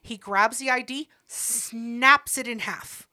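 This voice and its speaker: A young woman co-hosting a podcast, telling a story in casual chat, animated and swearing freely. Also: a little high, takes it slowly. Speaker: podcast co-host.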